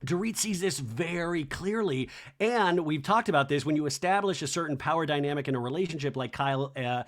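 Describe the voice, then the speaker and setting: A man hosting a podcast, recapping reality TV in a chatty, animated, profane way. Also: on the high side, a little fast. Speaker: podcast host.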